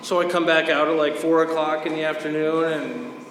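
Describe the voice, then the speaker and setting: A man delivers a crude roast, cracking himself up as he goes. His voice sits a touch high and booms around a big reverberant hall. Background noise hums under the recording. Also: flat delivery, normal speed, a bit bright. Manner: crude teasing, laughs at his own jokes. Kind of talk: stand-up roast. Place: large echoing hall at a live party.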